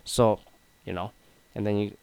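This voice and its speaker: A man's voice: lowish voice, level tone, unhurried, vocal fry, a little mellow, smooth, no echo, rough recording. A man in his twenties rambling through an opinionated casual monologue, full of fillers. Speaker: sports commentator.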